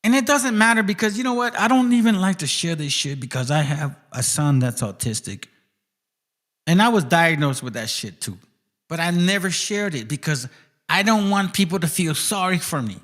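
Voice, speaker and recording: A man's voice: high-pitched, lively intonation, moderate pace, a bit bright. A man hosting his channel, ranting in a confrontational, profane monologue aimed directly at people. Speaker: channel host.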